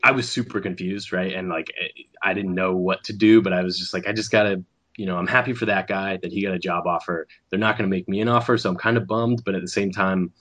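A man, an animator, telling a story in casual conversation, acting out the other people's lines with quick restarts. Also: low-pitched. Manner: animated, acts out quoted voices, restarts often. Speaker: animator guest.

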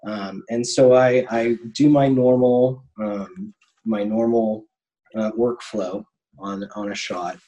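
A man's voice: mid-range voice, steady tone, slow pace, warm tone, dull audio. A man in his thirties, a guest on an interview podcast, telling stories casually with lots of ums and restarts. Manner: rambling, many ums and restarts. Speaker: animator guest.

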